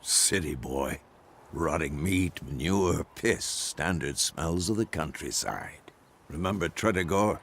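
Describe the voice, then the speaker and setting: An actor playing a grizzled old male witcher mentor in a video game, with a gravelly voice and a dry, teasing, matter-of-fact way of talking. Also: a bass voice, animated, slow pace, fairly bright tone, slight background noise, heavily acted.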